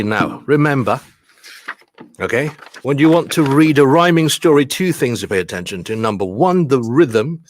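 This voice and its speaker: Animated Hong Kong storyteller man. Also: mid-range voice, normal speed, no room sound. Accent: Hong Kong English. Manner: animated, code-switching, stressing words for children. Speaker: children's storyteller and English teacher. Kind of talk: bedtime story reading and English tips for kids.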